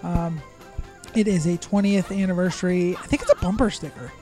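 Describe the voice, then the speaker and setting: A man's voice: high voice, steady tone, fairly quick, dark tone, faint music behind. A man co-hosting a casual podcast, reading a menu playfully and joking around, recorded outdoors. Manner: playful, jokey, mangles foreign words. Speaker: podcast co-host. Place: outdoors at home.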